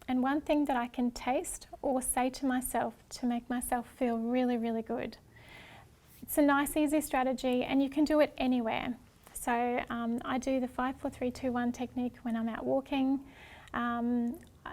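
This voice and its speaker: A woman presenting a workshop talk in a gentle, hesitant way, with many ums and restarts. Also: sits high. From Australia.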